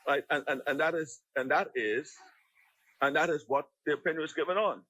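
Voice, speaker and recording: Bahamian man, MP type, husky tone, argues a point in the chamber, stumbles and restarts a lot. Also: on the high side, fairly quick, pushed and bright, low-quality recording. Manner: argumentative, frequent restarts and repeated words. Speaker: member of parliament. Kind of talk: parliamentary debate speech. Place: legislative chamber.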